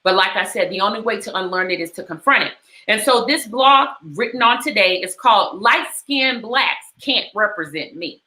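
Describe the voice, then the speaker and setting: A woman's voice: medium pitch, lively intonation, moderate pace, pushed and bright, echoey room, rough recording. A middle-aged woman hosting a talk, speaking with passion and retelling a story in repeated, emphatic phrases. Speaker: host. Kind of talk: personal commentary talk.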